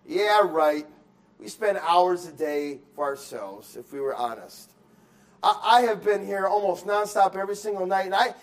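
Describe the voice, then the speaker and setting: Male pastor, high voice, sermon delivery: quiet reflection building to loud urging, restarts words as he preaches. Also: normal speed. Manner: swings from quiet musing to loud emphatic exhortation; acts out excuses in quoted voices.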